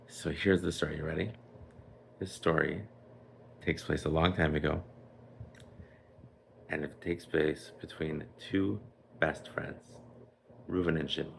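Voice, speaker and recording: A man, a rabbi, telling a children's story in a lively, chatty way with Yiddish and Hebrew words. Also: extremely low pitch, normal speed, vocal fry, long pauses, a little hiss or hum.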